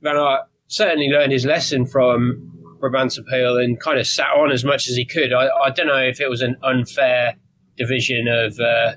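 A man from Britain with a British accent, a podcast guest who explains in a wry, measured way. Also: mid-range voice, level tone, a bit bright, slight background noise, poor audio. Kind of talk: casual analytical chat.

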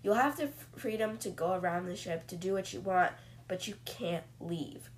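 A woman voicing a stern, secretive male submarine captain in a cold, measured way. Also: on the low side, a little hiss or hum, natural voice.

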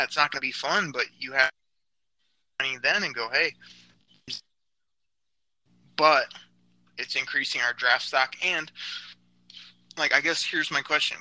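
Bright-voiced man arguing on a podcast. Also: mid-range voice, no room sound, rough recording. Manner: teasing, argumentative, laughs at his co-host. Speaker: podcast co-host. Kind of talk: casual sports podcast chat.

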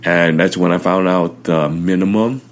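A young man in his twenties, an interview guest telling his life story in an animated way. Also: low voice, normal speed. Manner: animated storytelling, acting out quotes loudly.

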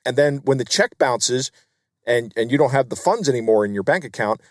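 A man's voice: mid-range voice, animated, fairly quick, a little mellow, no echo, studio quality. A man co-hosting a podcast, explaining scams in a casual, plain-spoken way. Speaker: podcast co-host. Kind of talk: casual chat.

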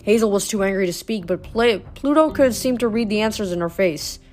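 Woman, audiobook-style reading, mid pitch, steady, small self-corrections, faint music. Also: a little fast. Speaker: audiobook reader. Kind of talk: reading a novel aloud.

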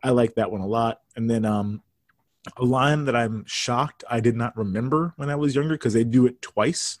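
A man hosting a casual podcast, relaxed and often chuckling as he retells scenes. His voice sits at a middle pitch and sounds dry and close to the mic. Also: normal speed, dry recording. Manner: relaxed, chuckling, recounting lines. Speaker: podcast host.

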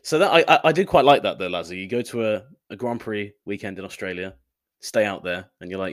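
Quick, jokey podcast co-host, male, fairly low voice, quick to laugh. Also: lively intonation. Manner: quick, laughing, self-mocking. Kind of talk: casual chat.

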